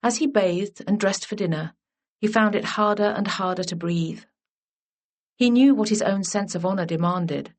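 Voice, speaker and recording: A woman reading a historical romance as scripted narration in an even, measured way. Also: mid-range voice. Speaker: audiobook narrator.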